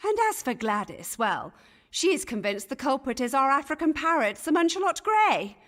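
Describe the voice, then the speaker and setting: A woman's voice: high voice, very animated, normal speed, fairly bright tone, big-room sound. A chattering Elizabethan lady. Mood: gossipy. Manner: chattering, archaic and huffy. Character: gossipy Elizabethan lady, flustered and indignant. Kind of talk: voiced game dialogue in Elizabethan English.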